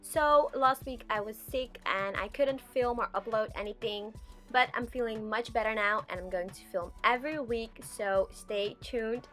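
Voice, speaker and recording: A young woman narrating a makeup tutorial as a voice-over, chatty and relaxed, with frequent ums. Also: a little high, moderate pace, soft background music. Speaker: beauty vlogger.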